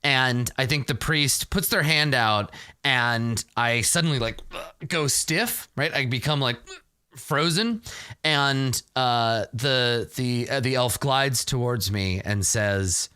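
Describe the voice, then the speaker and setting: Guy rambling through a solo rpg session, bright smooth voice, pretty slow. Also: medium pitch, dry recording, clean studio sound. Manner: rambling, self-mocking asides. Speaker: solo game player and narrator. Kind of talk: casual solo role-play narration.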